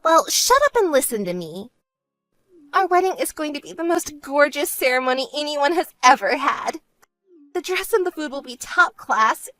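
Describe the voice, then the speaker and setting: A woman voicing a vain, self-centered young woman who talks in a smug, whiny way and turns shrill when angry, in an animated story. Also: dry recording, full character voice. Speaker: bride-to-be sister.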